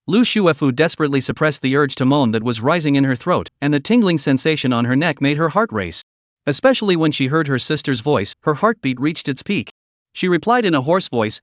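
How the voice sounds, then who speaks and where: A man narrates a recap of a comic story in a scripted, storyteller style, his fairly high voice very animated and his pace fairly quick. The recording is close and dry, with no room sound or echo.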